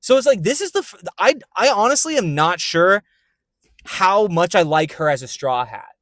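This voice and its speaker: A man co-hosting a podcast in casual chat, retelling scenes with lively, acted-out animation. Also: high-pitched, normal speed, no echo. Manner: animated storytelling, acts out scenes. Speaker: podcast co-host.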